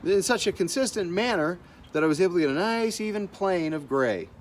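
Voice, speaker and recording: An artist talking in a blunt, animated monologue, swearing freely as he gives his opinions. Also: high voice, a little fast. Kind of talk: casual profane monologue.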